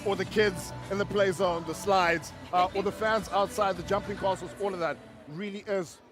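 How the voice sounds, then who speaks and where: A man, a former rugby player co-hosting a pre-match show, enthusiastic and quick to agree. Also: high voice, fairly even intonation. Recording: music behind at outdoor stadium.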